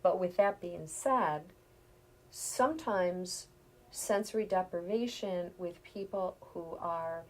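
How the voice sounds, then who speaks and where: Calm middle-aged woman explaining gently. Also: on the low side, slow. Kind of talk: conversational interview.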